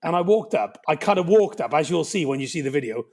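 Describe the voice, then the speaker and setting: A man in his fifties with a Cardiff Welsh accent, telling anecdotes with lively energy. His voice sits fairly high for a man, and he keeps checking in with his listener as he goes. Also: fast talker. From Wales. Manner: animated, lively anecdote-telling with frequent "right?". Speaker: guest. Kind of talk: podcast interview storytelling.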